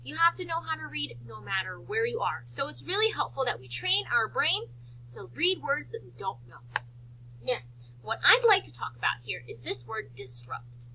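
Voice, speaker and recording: Woman teacher, high bright voice, phonics lesson for kids, encouraging, dull lo-fi recording. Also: very animated, moderate pace, a little hiss or hum. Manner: encouraging, sing-song, sounds out letters. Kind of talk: phonics lesson for young children.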